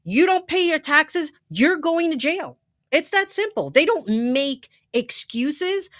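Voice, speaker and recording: Woman, political commentary host, blunt and profane, animated pitch, dry close sound. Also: dry recording.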